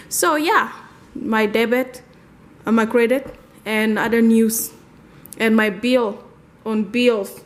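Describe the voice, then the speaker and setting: A woman talking casually through a life-update vlog at home in her kitchen, rambling and laughing often. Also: on the high side. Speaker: vlogger.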